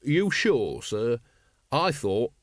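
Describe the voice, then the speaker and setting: A man's voice: mid-range voice, big pitch swings, extremely slow, dry recording, studio quality. Male reader as a sulky young guard, hesitant, plain everyday voice.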